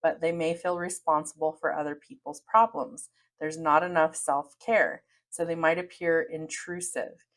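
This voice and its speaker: Low-voiced woman giving earnest advice. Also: steady tone, moderate pace. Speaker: podcast host. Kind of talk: advice monologue.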